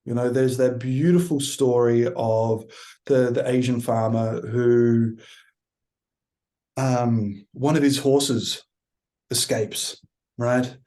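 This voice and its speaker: A man, a coach speaking as a podcast guest, thoughtful and unhurried as he tells stories. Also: mid-range voice, steady tone, warm tone. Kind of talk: reflective podcast conversation.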